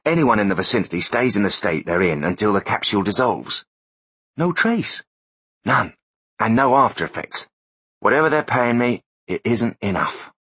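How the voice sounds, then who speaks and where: A man's voice: on the low side, animated, moderate pace, a bit bright, husky, dry recording, pitched above the performer's own voice. A man voicing a smug, wisecracking male technical expert in an audiobook. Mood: explaining. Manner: boastful, wisecracking. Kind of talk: audiobook character voice.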